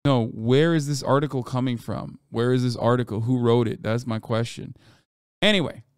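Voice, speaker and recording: A man's voice: medium pitch, clear, resonant tone, no echo, studio quality. Profane man reacting to news. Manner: profane, animated, talks back to chat; reads quotes aloud quickly. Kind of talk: casual live-stream commentary.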